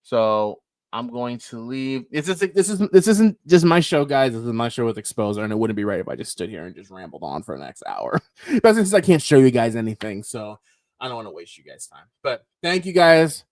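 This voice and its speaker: Male streamer, rambling casual chat, lively delivery, dry room. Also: mid-range voice, brisk, no room sound. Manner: rambling, chatty, laughs often. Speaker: live stream co-host.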